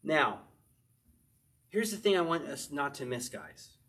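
Guy pastor preaching, kinda high voice, fast stories then slow bible reading. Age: adult, married. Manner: animated preaching, shifts between fast asides and slow emphatic verse reading. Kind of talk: sermon.

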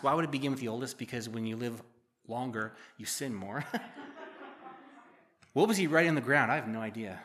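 A man's voice: medium pitch, brisk, long pauses, pushed and bright. A middle-aged man preaching a sermon, reading scripture verses and explaining them with casual, joking asides. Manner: conversational, joking asides between read verses. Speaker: pastor.

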